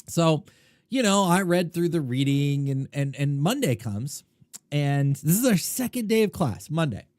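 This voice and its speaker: Podcast host, middle-aged man, lively storyteller, slightly high voice, dry close sound. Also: measured pace, dry recording. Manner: animated, conversational, swings loud and quiet. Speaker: podcast host, poker coach. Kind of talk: casual storytelling monologue.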